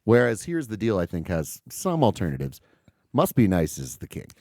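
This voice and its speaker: A podcast co-host, a man who talks loosely, joking and swearing freely. His voice sits low, but it moves around a lot as he talks. The recording is dry and close. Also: wildly swooping pitch, moderate pace, darkish tone, no echo. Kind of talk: casual chat.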